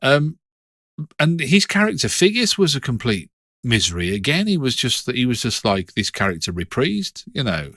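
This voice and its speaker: Middle-aged man, low voice, animated swings, dry close mic, chatty co-host. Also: moderate pace, dry recording. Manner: animated storytelling, hesitant restarts. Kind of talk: casual chat.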